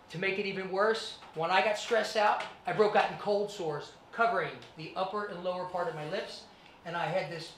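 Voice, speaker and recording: A man's voice: high-pitched, a little hiss or hum. A man giving a motivational talk to students, telling his life story and acting out scenes. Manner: animated, acts out scenes. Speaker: guest speaker. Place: presentation room with students. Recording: echoey room, mic at a distance.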